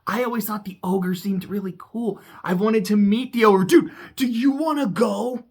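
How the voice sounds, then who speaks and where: Narrator putting on a shy teen boy, all excited, voice jumps up high. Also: normal speed, lightly acted. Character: shy lonely teen boy, eager for a friend. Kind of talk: game recap with voices.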